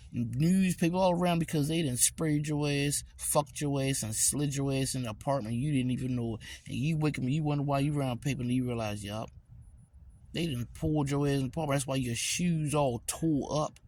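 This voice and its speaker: A man's voice: medium pitch, darkish tone, a little hiss or hum. A man ranting in a rambling, repetitive, profane way as a TikTok vlogger, recorded on a phone. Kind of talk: rambling profane rant to camera.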